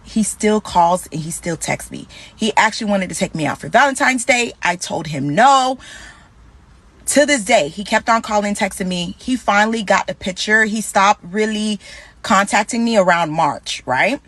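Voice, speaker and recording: A young woman telling a candid personal story in a conversational, animated way, acting out the dialogue as she goes. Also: mid-range voice, moderate pace, no echo.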